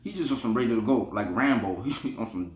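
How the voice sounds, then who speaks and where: A man's voice: medium pitch, animated, brisk, echoey room, slight background noise. A man from Buffalo, New York, casually telling a rambling, slangy prison story, repeating himself and laughing as he goes. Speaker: podcast storyteller.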